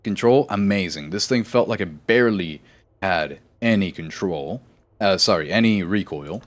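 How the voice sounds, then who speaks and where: A man's voice: sits low, animated, moderate pace. A man streaming a game live, chatting casually in a rambling, self-correcting way and laughing easily.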